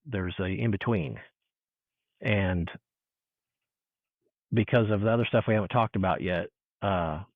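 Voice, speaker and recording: A man telling a personal encounter story in casual chat, animated and full of restarts, acting out what people said. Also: lowish voice, no room sound. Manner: animated storyteller, restarts, acts out quoted dialogue. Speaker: guest. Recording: tinny phone-like line.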